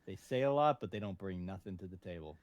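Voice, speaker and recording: A man co-hosting a casual podcast chat, joking and playful with animated asides. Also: sits low, fast, no room sound, lo-fi sound. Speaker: podcast co-host.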